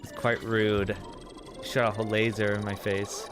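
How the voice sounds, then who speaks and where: A man's voice: on the low side, flat delivery, moderate pace. A young man casually commenting on his gameplay with dry, joking asides. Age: young adult. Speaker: gaming channel host. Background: game music.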